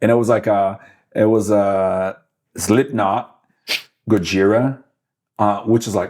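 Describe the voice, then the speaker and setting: A man in his forties from Brazil with a Brazilian Portuguese accent, chatting as an interview guest, halting with many fillers and restarts. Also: on the low side, steady tone, a little mellow. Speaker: guest musician. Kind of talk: casual interview chat.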